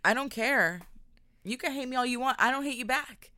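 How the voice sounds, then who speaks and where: A woman's voice: high-pitched, moderate pace, sharp tone, dry recording, studio quality. A young woman co-hosting a podcast in casual chat, talking bluntly and animatedly and swearing freely. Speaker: podcast co-host.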